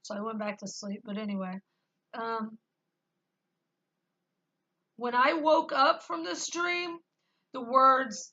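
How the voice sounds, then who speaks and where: Bright-voiced woman vlogging, earnest and rambling. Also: on the high side, measured pace, rough recording. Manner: earnest and rambling, many fillers. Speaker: vlogger sharing spiritual experiences. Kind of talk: casual spoken testimony.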